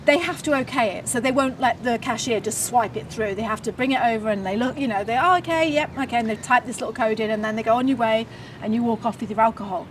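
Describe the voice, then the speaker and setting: A woman's voice: on the high side, steady tone, quick pace, far from the mic, slight background noise, low-quality recording. A woman co-hosting a podcast in casual chat, talking animatedly and laughing often, recorded outdoors in a garden. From New Zealand. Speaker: podcast co-host.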